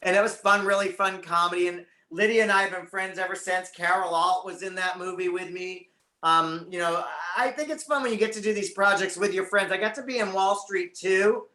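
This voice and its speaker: A man's voice: sits high, fairly even intonation, fairly quick, sharp tone, roomy sound. A man as a guest on a talk show, chatting casually and animatedly about his career. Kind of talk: casual interview chat.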